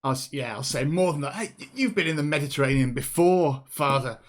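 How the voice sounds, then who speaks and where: A man playing a tabletop game, playful and halting, with many restarts. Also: fairly high pitch, expressive. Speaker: player. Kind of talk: tabletop role-play chat.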